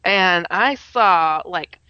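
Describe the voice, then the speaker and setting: A woman telling a personal story in casual talk, animated, often laughing and acting out her own quoted words. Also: fairly low pitch, extremely slow, smooth, no echo. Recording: slightly muffled audio.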